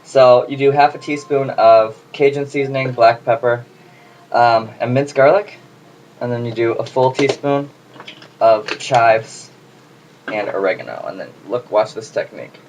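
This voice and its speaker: A man's voice: medium pitch, a little slow, a little mellow. A man hosting a casual home cooking video, chatty and jokey as he talks to the camera while he works in his kitchen. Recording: noisy home recording.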